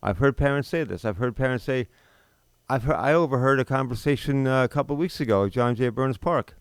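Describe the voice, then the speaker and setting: A man in his fifties holds forth in an indignant, rambling monologue, firing off rhetorical questions and restarting his sentences. His voice is smooth and resonant, recorded close and dry with no room sound. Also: mid-range voice, brisk, no room sound. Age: 50s. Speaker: podcast host. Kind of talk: unscripted monologue.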